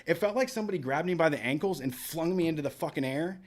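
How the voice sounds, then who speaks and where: A young man with a slightly raised voice tells a rambling story on a talk show. He swears freely and acts out what people said, bouncing between animated and deadpan. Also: a little high, fast. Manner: profane, animated storyteller acting out quotes. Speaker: podcast co-host. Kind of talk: casual storytelling chat.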